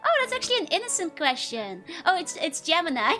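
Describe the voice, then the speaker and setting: A woman's voice: very high voice, very animated, fairly quick, pushed and bright, faint music behind. A young woman streamer chatting casually with viewers, giggling often between phrases.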